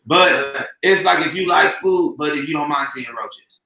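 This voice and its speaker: A man from Los Angeles with an LA accent, hosting a comedy show with loud, animated, profane teasing banter. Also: fairly high pitch, unhurried, creaky, reverberant, distant mic, crowd noise, low-quality recording. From Lynwood, Los Angeles.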